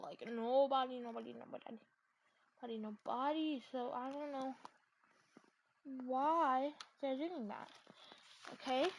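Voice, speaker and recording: A woman's voice: high-pitched, slight background noise. A woman vlogger ranting casually and animatedly, packing her talk with "like" fillers and exasperated asides.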